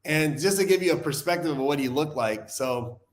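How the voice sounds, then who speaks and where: A young adult man hosting a recovery live stream, talking in an earnest, animated way and reading viewer comments aloud. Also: fairly high pitch, fairly quick. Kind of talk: casual live-stream talk.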